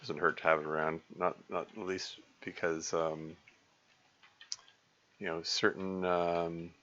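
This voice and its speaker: Man, game streamer, low pitch, bright tone, rambling with lots of ums, slightly dull recording. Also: level tone. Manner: rambling, halting, many fillers and restarts, chuckling. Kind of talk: casual let's-play commentary.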